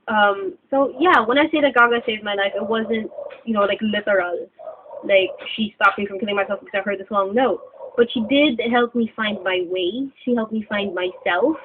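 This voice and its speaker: A woman's voice: medium pitch, moderate pace, noisy background. A young woman chats loosely to her viewers, piling on fillers as she goes. Her voice sits in an ordinary middle register. It is recorded on a cell phone, so the sound is thin and phone-like. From Philippines. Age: 20s. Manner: chatty, rambling with many fillers. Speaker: vlogger. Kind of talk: casual vlog chat. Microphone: cell phone camera. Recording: tinny phone-like lo-fi audio.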